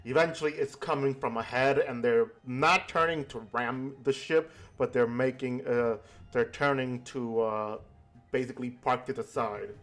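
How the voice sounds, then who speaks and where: A man narrating a tabletop game as game master in slow, halting sentences. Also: mid-range voice, a bit bright.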